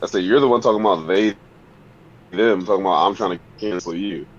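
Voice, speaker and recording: A man's voice: low voice, a little fast. A man co-hosting a casual chat, teasing and doubting what the other host says, heard over a call. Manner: teasing, skeptical. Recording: dull, lo-fi audio over a call.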